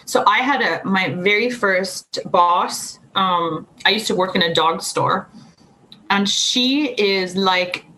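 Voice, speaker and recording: Young adult woman, podcast guest, bright tense voice, lively laughing storyteller, faint noise behind. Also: mid-range voice, slow, low-quality recording. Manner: animated storyteller, laughs often, acts out quotes. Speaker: podcast guest, anxiety coach. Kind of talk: casual interview chat.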